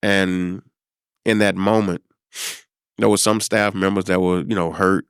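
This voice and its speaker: A middle-aged man from South Dallas, a podcast guest telling a personal story in an unhurried, reflective way, with many pauses and fillers. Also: low-pitched, fairly even intonation, clean tone, dry recording, clean studio sound. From South Dallas, Texas. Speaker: podcast guest, former high school principal.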